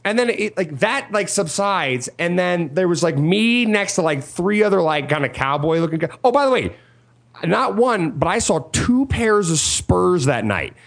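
Gravelly-voiced man telling a rambling story. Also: high-pitched, sing-song, normal speed. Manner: rambling, loose, swearing. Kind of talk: casual storytelling chat.

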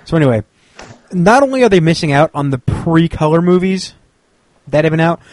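A man's voice: a little high, lively intonation, brisk, a little mellow, no room sound. A man co-hosting a podcast, bantering casually and joking, with frequent stammered restarts. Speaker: podcast co-host.

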